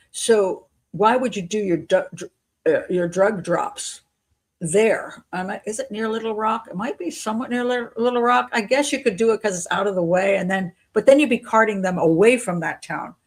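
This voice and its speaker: A woman's voice: medium pitch, moderate pace. A woman hosting a live show as a criminal profiler, thinking aloud as she answers viewers in a skeptical, questioning way, often restarting sentences and chuckling. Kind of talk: live-stream commentary answering chat.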